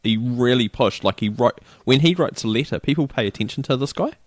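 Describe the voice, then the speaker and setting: This mid-range, animated male voice is brisk and studio quality with no echo. He's a middle-aged New Zealander co-hosting a podcast in casual conversation, wandering through an anecdote and playing the people in it.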